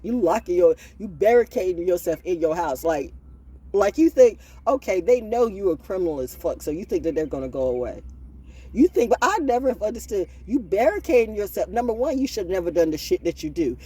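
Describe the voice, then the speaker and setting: Blunt, husky-voiced woman ranting. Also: lowish voice, brisk. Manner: blunt, profane, preachy and animated. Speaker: oracle reader and channel host. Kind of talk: freestyle livestream rant.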